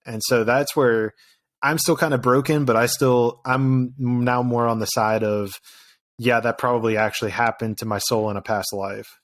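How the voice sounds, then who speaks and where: A man's voice: medium pitch, steady tone, moderate pace, no room sound. Reflective man on a dry mic. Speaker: podcast host. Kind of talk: conversational podcast interview.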